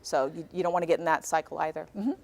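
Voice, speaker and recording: A woman in her forties, a guest speaker talking to a high school class in a classroom. She tells stories lively and acts out the dialogue. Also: very fast. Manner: animated storyteller, acts out dialogue.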